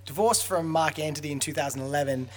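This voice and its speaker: A young man co-hosting a casual podcast, telling stories with a quick laugh. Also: fairly high pitch. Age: young adult. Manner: storytelling, laughs easily. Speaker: podcast co-host. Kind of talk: casual chat.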